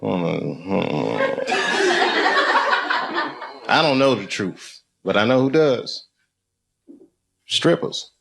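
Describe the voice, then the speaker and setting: Man doing stand-up, profane riffing, lively swooping pitch, loud noisy live recording, audience laughter. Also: extremely slow, creaky, long pauses. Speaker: stand-up comedian. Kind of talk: stand-up crowd work. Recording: live club show, loud background noise.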